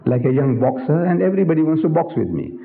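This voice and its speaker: A man's voice: a little high, sing-song, fast talker, creaky. An older man giving a public religious lecture, emphatic and theatrical, firing rhetorical questions at the audience. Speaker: Islamic lecturer. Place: lecture hall. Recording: echoey hall, tinny old recording.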